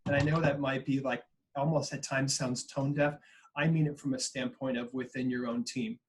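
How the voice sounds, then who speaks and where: A man's voice: mid-range voice, flat delivery, normal speed, a little hiss or hum. A man in his forties, a consultant on a video-call panel, telling a story in an earnest, reflective way. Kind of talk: panel webinar talk.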